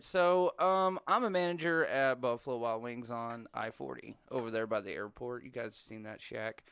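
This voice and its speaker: A man's voice: medium pitch, fairly bright tone, smooth, dry recording. Laid-back swearing guy. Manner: laid-back, swears freely, acts out quotes. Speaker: podcast guest. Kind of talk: casual storytelling chat.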